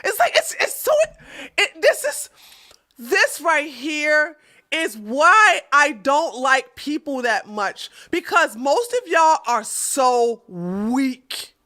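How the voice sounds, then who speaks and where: A woman vlogger telling a story to her viewers in a casual rant, animated and exasperated, talking straight to them. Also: high voice, slow.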